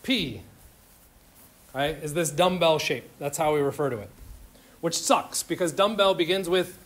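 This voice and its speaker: Male chemistry instructor, slightly high voice, informal and jokey, quizzes the room as he lectures. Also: a little slow, fairly bright tone. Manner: informal, joking, questions to students. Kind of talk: classroom lecture. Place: lecture classroom.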